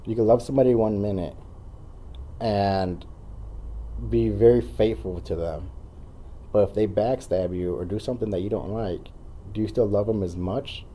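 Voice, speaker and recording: A man's voice: on the low side, normal speed, pauses often, dark tone, slight background noise. A man in his thirties, a guest talking earnestly in casual conversation and rambling with fillers.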